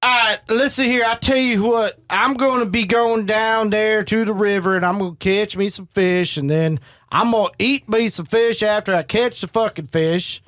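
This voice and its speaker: A man's voice: high voice, moderate pace, fairly bright tone, no echo, studio quality. A man voicing a boastful rural country man with a put-on Southern drawl, rambling and crude.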